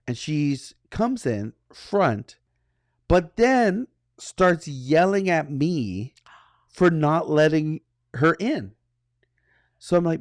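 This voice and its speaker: A man co-hosting a podcast, telling a personal story in a casual way and acting out the dialogue with animated energy. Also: fairly high pitch, slow, no echo, studio quality. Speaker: podcast co-host.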